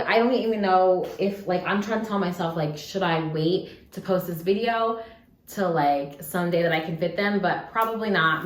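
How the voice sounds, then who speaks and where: A young woman vlogging at home while she unboxes beads, sad yet chatty, with lots of likes and some swearing. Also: on the low side. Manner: upset but trying to stay upbeat, swinging between sad and excited; chatty, with frequent likes and occasional cursing. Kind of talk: casual unboxing vlog. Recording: echoey room, faint background noise.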